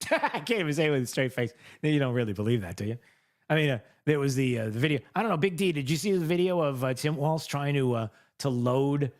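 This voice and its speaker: Sarcastic, animated male commentator. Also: a little high, brisk. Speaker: commentary show host. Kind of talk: political commentary.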